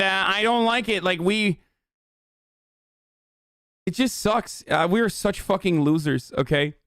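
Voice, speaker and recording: A man's voice: high-pitched, fairly bright tone, smooth, no room sound, clean studio sound. A man in his thirties, a streamer giving heated, sarcastic political commentary, swearing often. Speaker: streamer reacting to a news clip.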